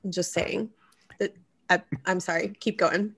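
Her voice is on the low side and slightly rough, and she keeps a measured pace. A podcast host recorded on a studio microphone, she guides a casual, comedic advice chat full of animated, cuss-laden stories.

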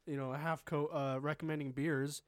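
A man's voice: a little high, flat delivery, brisk, no echo. A young man co-hosting a casual drinking podcast from a home studio, easygoing and enthusiastic. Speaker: podcast co-host. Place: home spare-bedroom studio.

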